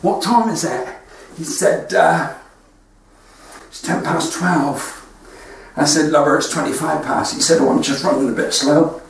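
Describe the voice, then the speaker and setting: Speaking with a West Country English accent, a stand-up comedian tells chatty stories with quoted dialogue during a livestream from his front room. His voice is fairly high and unhurried, with vocal fry and long pauses. The room is very echoey, the mic is distant, and there's faint noise.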